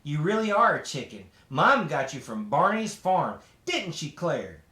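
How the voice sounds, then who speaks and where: A man's voice: fairly high pitch, sing-song, a little slow, pushed and bright, exaggerated voice. A man reading aloud as a bossy, mocking older sister who teases her younger sibling, in a roomy, echoey space. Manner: mocking, sly. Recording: roomy echo.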